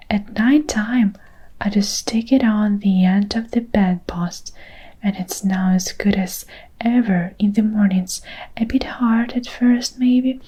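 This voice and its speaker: A woman's voice: mid-range voice, darkish tone, slightly rough, poor audio. A woman whispering the lines of a boastful, gum-chewing young girl in whispered role-play. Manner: bragging, chatty.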